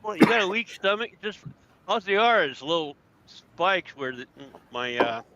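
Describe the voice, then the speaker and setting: A man's voice: high voice, very animated, normal speed, heavy background noise. A man co-hosting a casual podcast, rambling and trailing off with lots of ums. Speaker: podcast co-host. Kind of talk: casual chat. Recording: dull lo-fi sound.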